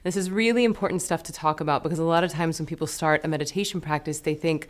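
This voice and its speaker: A woman teaching a meditation lesson, talking in a gentle, soothing, unhurried way. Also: low-pitched, fairly even intonation.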